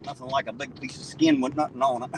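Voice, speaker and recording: A man's voice: mid-range voice, steady tone, fast talker, far from the mic, background noise. A man hosting a live stream, chatting casually, crude and mocking, swearing freely. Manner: profane, crude, mocking, joking. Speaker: livestream host. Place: outdoors at night, riding in a vehicle.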